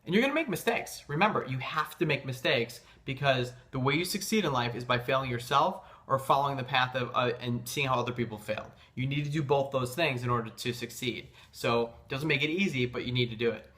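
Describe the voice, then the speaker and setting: A man's voice: medium pitch, fairly quick, few pauses, pushed and bright. A man giving a motivational sales-coaching talk, emphatic and insistent, with loose phrasing full of fillers and restarts. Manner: emphatic, insistent about conviction.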